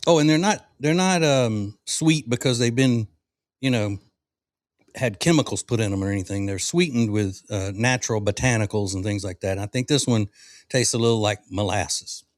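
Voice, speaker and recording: A man's voice: on the low side, moderate pace, no echo, studio quality. A middle-aged man from the South, hosting a casual cigar-smoking podcast chat in a rambling, folksy way with fillers and restarts. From American South. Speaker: podcast host.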